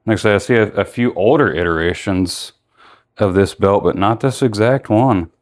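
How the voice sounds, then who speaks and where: Man, lowish voice, tired, rambling casual unboxing talk, lots of fillers. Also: normal speed. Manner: rambling, filler-heavy, self-correcting. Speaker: toy reviewer.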